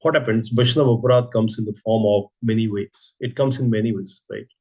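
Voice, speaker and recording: A man's voice: on the low side, steady tone, brisk, darkish tone, dull audio. A man giving a sermon, telling a story and asking rhetorical questions. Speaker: preacher giving a scripture class.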